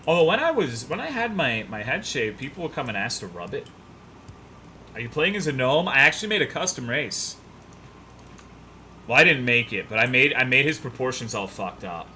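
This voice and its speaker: Bright-voiced profane young streamer guy. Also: mid-range voice, big pitch swings, normal speed, a little hiss or hum. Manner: loose, profane, rambling, reads chat aloud. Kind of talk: casual gaming stream chat.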